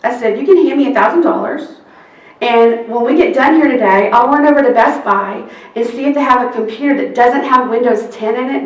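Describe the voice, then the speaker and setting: A woman, a court reporter telling a lively work story to a seminar audience and acting out the quoted exchanges. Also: fairly high pitch. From Texas. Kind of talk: anecdote told to an audience. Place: seminar room. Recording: roomy sound from a distance.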